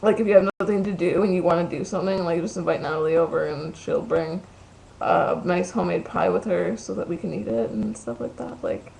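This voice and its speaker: A woman's voice: lowish voice, fairly quick, gravelly, dark tone, a little hiss or hum, poor audio. A young woman telling a story in a casual vlog, ranting and chatty, full of "like" and "um". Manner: chatty, ranting, many likes and ums.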